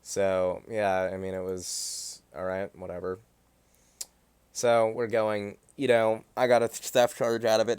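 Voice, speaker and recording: A young man with a lowish voice tells a story from his own life in loose, swearing, rambling talk. He sounds indignant and leans on lots of fillers. The sound is close and dry, with almost no room around it. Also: normal speed, a little mellow, no echo. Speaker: livestreamer. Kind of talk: casual storytelling on a livestream.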